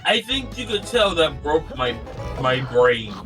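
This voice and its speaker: A man chatting casually on a gaming stream, blunt and quick to swear. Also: on the high side, very animated, far from the mic, poor audio. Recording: loud game music behind.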